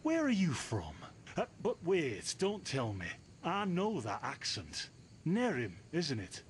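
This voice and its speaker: A man's voice: fairly high pitch, wildly swooping pitch, takes it slowly, a little hiss or hum, exaggerated voice. A man voicing a friendly, talkative male herbalist in a game, speaking conversationally. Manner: friendly, conversational, gently teasing. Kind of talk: game voice acting.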